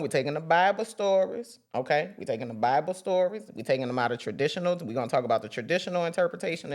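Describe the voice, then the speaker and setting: A woman hosting a casual spiritual talk for her viewers, chatty and emphatic, with profanity and sudden whoops. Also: low-pitched. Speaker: host.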